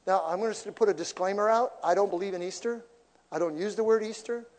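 A male pastor with a notably high voice preaches a sermon in church, talking fast and keeping things lively and playful with jokes and asides to the congregation. The sanctuary gives his voice a long, ringing reverb tail.

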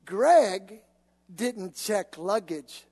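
Man, pastor, sermon, animated storyteller, conversational, long hall reverb. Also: high voice, drawn-out words, slightly rough.

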